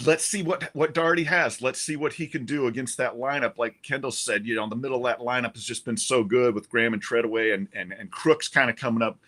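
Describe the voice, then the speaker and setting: A man gives casual sports analysis with a bright, forward tone. He thinks aloud as he talks, often restarting his sentences before he lands his point. The delivery stays conversational throughout. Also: mid-range voice, fairly even intonation, quick pace, hardly any pauses. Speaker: sports writer and co-host.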